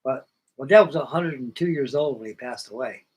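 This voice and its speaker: A man's voice: medium pitch, a little fast, darkish tone, slightly rough, rough recording. An older man, host of a model-building livestream, telling a long personal story in a folksy, plainspoken way and acting out old conversations.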